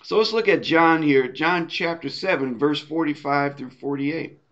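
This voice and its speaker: A man's voice: on the high side, normal speed, a bit bright, muffled recording. A man preaching a sermon in a conversational way, often checking in with his listeners by asking "right?". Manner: conversational, tags points with "right?".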